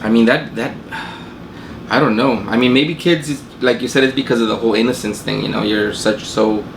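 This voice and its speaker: A man's voice: mid-range voice, steady tone, fairly quick. A man co-hosting a podcast, asking questions in an easygoing, filler-heavy way. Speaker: podcast co-host. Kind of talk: casual chat. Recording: echoey room with clear noise.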